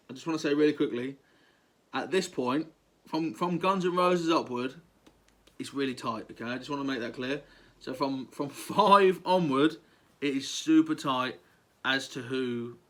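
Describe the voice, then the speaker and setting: A man's voice: medium pitch, fairly bright tone. Enthusiastic young Englishman counting down favourites. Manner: enthusiastic, gushing, with many ums and likes. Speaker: vlogger. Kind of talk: casual countdown monologue.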